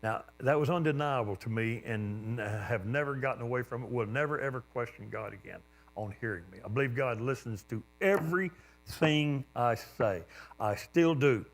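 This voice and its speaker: A man preaching a sermon, telling a personal story with lively jumps in pitch and sudden quiet drops. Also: normal speed. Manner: animated storyteller, voice jumping up with excitement then dropping low.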